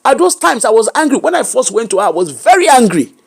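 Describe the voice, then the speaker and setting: A Nigerian woman opens up as an interview guest, her delivery animated and emphatic. She swings between English, Pidgin and Yoruba as she talks about her own life, stressing her strongest points. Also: on the high side, quick pace, gravelly, breathy edge. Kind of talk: candid personal storytelling.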